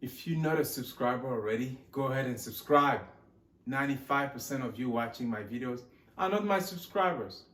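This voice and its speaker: Joking and rambling through a show-and-tell of his gun collection, a vlog host loses count while faking a mixed Texan-Australian accent. His mid-range voice is expressive, fairly quick and fairly bright, recorded in an echoey room with a little hiss or hum.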